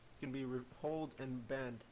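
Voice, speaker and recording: A man explaining rules in a casual online chat, with halting restarts. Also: medium pitch, steady tone, darkish tone, low-quality recording. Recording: faint hiss.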